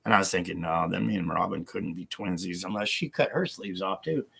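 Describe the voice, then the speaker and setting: A man's voice: sits low, lively intonation, fairly quick, gravelly, sharp tone, husky. A man hosting a casual livestream from home, talking in a rambling, repetitive way full of fillers. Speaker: livestream host.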